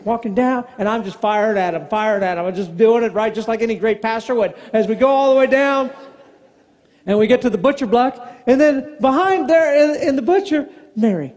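A man, a pastor, preaching a storytelling sermon, animated and self-mocking, acting out the dialogue of his story in a large church. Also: very high voice, moderate pace. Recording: long hall reverb.

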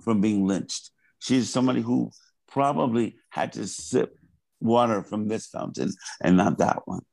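Low gravelly earnest man. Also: normal speed, darkish tone, no echo, rough recording. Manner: earnest, impassioned, repeats words. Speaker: artist guest. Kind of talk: interview conversation.

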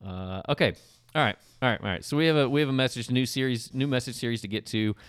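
A man's voice: medium pitch, quick pace, smooth, no room sound. A man hosting a casual podcast chat, rambling a little and laughing easily. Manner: chatty, rambling with restarts and laughs. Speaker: podcast host.

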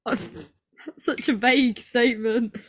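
A woman's voice: a little high, a little slow, slightly rough, dry recording, clean studio sound. A young woman from England hosting a casual podcast chat, rambling and self-mocking with plenty of ums. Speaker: podcast host.

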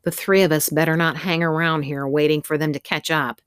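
A woman voicing an eager young girl who speaks in a hurried way in a storybook reading. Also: deep voice, steady tone, clear, resonant tone, dry recording, close to an everyday voice. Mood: urgent. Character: young girl, breathless and urgent.

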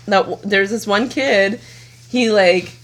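A woman's voice: mid-range voice, takes it slowly. A young woman co-hosting a podcast, telling a story animatedly in casual chat and swearing a lot. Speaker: podcast co-host.

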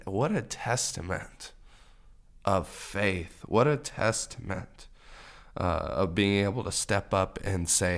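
Earnest low-voiced man, podcast co-host. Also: slow pace, a bit bright. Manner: earnest, repetitive encouraging phrasing. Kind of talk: faith-based podcast talk.

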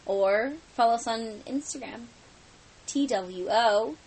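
A woman's voice: fairly high pitch, slow, darkish tone, a little hiss or hum, poor audio. A woman co-hosting a casual podcast, talking in a rambling, jokey way, a little tired. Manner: rambling, jokey, tired late-night talk. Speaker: podcast co-host. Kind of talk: casual chat.

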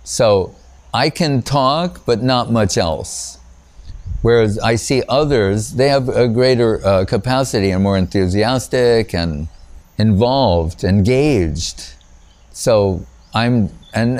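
A man's voice: on the low side, darkish tone. A man giving an informal spiritual talk as a teacher, rambling through stories, often saying "you know" and chuckling at himself. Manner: rambling and anecdotal, frequent "you know", breaks off and restarts; chuckles at his own stories.

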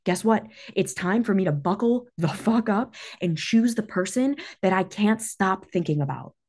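A woman's voice: medium pitch, expressive, moderate pace, a little mellow, breathy edge. A woman hosting a solo motivational talk, intense and emphatic, swearing freely, her voice shaky with emotion. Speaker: podcast host and business coach.

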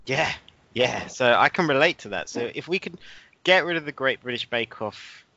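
A man's voice: medium pitch, lively intonation, normal speed, gravelly, pushed and bright, dry recording. A man co-hosting a casual joking chat on a dull lo-fi recording. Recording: dull lo-fi sound.

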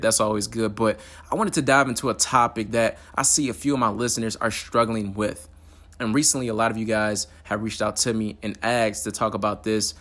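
A young man hosts his own motivational talk show as a podcast host, chatting in a casual, upbeat way with slang and fillers. His voice is lowish with a fairly bright tone.

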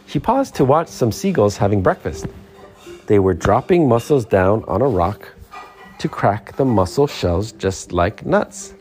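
A man reading a children's picture book aloud, with expressive, sing-song storytelling. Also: lowish voice, measured pace, soft background music. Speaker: storybook reader.

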